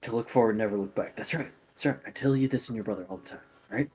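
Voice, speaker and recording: A man voicing a father in a tabletop game who reassures his son in quick, hushed words. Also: mid-range voice, husky, lightly acted. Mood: reassuring.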